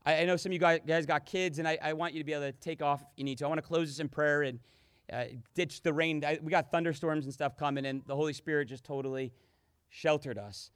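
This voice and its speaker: A pastor giving an impassioned sermon, his delivery swinging between loud, emphatic declarations and hushed, intimate lines. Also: a little high, fairly even intonation, fast, clean tone, no room sound, studio quality.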